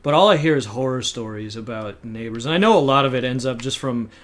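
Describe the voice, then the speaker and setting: A young man on a casual podcast who thinks out loud, hesitating and restarting his sentences as he works through his opinions. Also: mid-range voice, fast talker. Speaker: podcast co-host.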